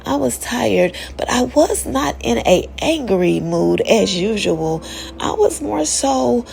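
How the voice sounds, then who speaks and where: Animated, gravelly-voiced woman storyteller. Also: fairly high pitch, slow, a little hiss or hum. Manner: candid, animated, profane. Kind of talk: casual spiritual storytelling.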